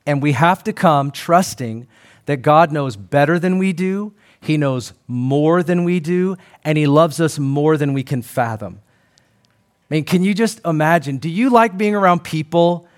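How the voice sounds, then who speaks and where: Middle-aged male pastor, slightly high-pitched, relaxed conversational sermon delivery. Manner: conversational, earnest, acts out quoted voices.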